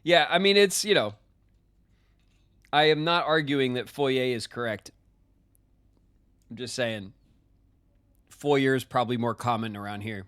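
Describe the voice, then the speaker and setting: An American man streams a game live and chats the whole way through. His talk is loose and rambling, full of filler words and half-finished thoughts. His voice sits at an ordinary middle pitch for a man. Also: measured pace, pauses often, fairly bright tone, smooth. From United States. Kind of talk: casual live-stream chat while gaming.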